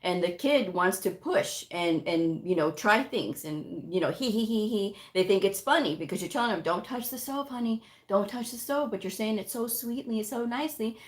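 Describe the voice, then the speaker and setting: A woman's voice: animated, normal speed, few pauses. A woman hosting a livestream as a tutor, talking bluntly with tough love and reading viewer comments aloud. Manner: blunt, tough-love, mocks with high whiny voices; reads chat comments aloud. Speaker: livestream host and medical coding tutor. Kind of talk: casual livestream talk.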